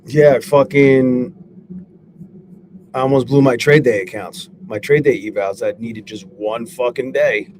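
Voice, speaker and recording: A man on a live stream, swearing a lot and talking excitably while he reads out viewers' names and goes over his trades. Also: mid-range voice, unhurried. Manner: profane, excitable, shouts out chat viewers. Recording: steady background noise.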